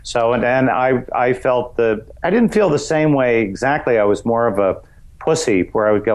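Rambling middle-aged man, lively pitch. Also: normal speed. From Westchester County, New York. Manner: rambling, loose, many "you know" fillers; acts out voices in high shouts. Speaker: comedian guest. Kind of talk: casual interview chat.

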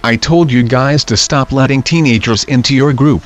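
A man's voice: mid-range voice, normal speed, faint music behind, close to an everyday voice. Brief: irritated grown man scolding, read by a male narrator, muffled lo-fi sound. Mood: annoyed. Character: annoyed grown man, fellow reenactor.

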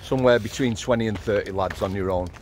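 A man's voice: lowish voice, fast, darkish tone, slight background noise. A middle-aged man with a Yorkshire accent, a former prison officer telling blunt, matter-of-fact stories while walking outdoors at night. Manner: blunt, matter-of-fact storyteller, swears freely. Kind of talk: casual storytelling on a night walk.

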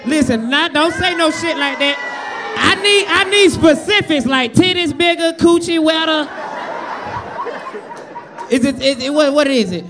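A man with a Southern US accent doing loud, profane stand-up crowd work, roasting the audience from a club stage. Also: very high voice, measured pace, long pauses. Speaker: stand-up comedian. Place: comedy club ballroom on stage. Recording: live club crowd laughter and noise. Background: audience laughter.

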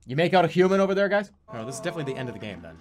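A man streaming a video game live, reacting excitably with lots of swearing and laughter. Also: fairly high pitch, rapid-fire, over music. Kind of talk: live gaming commentary.

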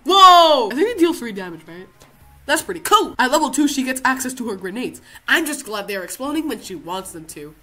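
Excitable young woman gaming commentator. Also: a little high, fairly quick, faint music behind. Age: young adult. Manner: loud, excitable, swears, reads out game text. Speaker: gaming video creator. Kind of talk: casual gameplay commentary.

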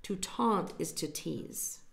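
A woman reading a picture book aloud to children, gently stopping to explain words and point at the pictures. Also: lowish voice, lively intonation, takes it slowly, gravelly, slight background noise. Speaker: storytime reader. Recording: echoey room.

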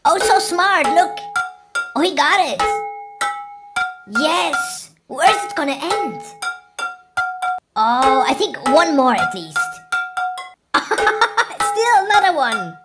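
A woman hosts a reaction video in a high, lively voice, gasping and laughing at each clip. She speaks slowly and stretches her words. Music plays clearly underneath her. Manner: gasping, laughing, exclaiming at clips. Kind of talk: excited video reaction commentary.

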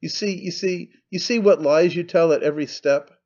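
A man's voice: a little high, normal speed, a little mellow, lo-fi sound. A man voicing a panicky, nervous man who stammers out fussy protests. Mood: flustered.

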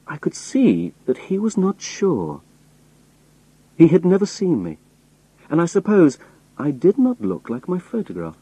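Slow, expressive male storyteller. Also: on the high side, breathy edge, dry recording, poor audio. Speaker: audiobook narrator. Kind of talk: scripted first-person narration of a novel.

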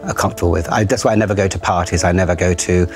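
A middle-aged TV channel executive talks candidly and self-deprecatingly about himself in a therapy session. His voice sits low and he speaks at a racing pace, with faint music in the background.

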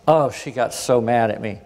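A man giving a storytelling lecture as a guest speaker, animated and acting out the voices of people he quotes. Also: medium pitch, husky. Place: conference hall. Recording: long hall reverb.

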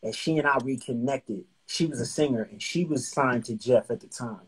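A middle-aged man from New Jersey, a singer-songwriter guest telling stories in a casual, animated way and acting out quotes in slang. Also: medium pitch, normal speed, slight background noise, rough recording. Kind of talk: casual storytelling interview.

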